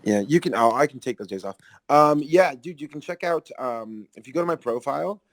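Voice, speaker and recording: A man hosting a podcast in casual chat, rambling and excitable, swearing freely. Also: mid-range voice, brisk, no room sound. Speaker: podcast host.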